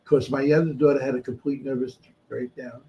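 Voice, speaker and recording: Gruff old guy swapping street stories, swears a lot, some faint hiss behind. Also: mid-range voice, level tone, fairly quick, mellow, lo-fi sound. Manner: blunt, profane, streetwise. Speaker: guest. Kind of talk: storytelling in a casual interview.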